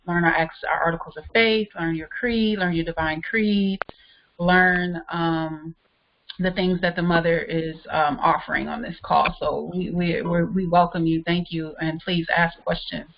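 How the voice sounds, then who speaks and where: A woman's voice: on the low side, little pitch movement, normal speed, a little hiss or hum. A woman on a group call, speaking in an encouraging, welcoming way over muffled online audio.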